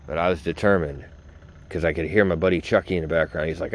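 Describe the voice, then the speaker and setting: Low-pitched male podcast host; loose, chatty, informal storyteller who talks right to his listeners. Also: fairly quick, long pauses. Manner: rambling, informal, swears, talks straight to listeners. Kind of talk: casual storytelling.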